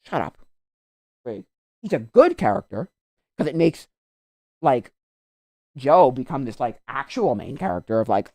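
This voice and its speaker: A woman streamer chatting casually, animated and ranting, her voice swinging lively up and down. She keeps up a stream of slang and fillers. The sound is close and dry. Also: extremely low pitch, a little slow, pauses often, no echo. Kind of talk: casual chat.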